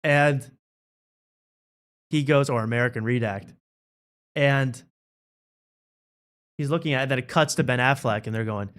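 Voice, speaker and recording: A man's voice: mid-range voice, unhurried, long pauses, a bit bright. Rambling comedic male talk show host. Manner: rambling, riffing, laughs at own bits. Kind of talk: casual comedic chat.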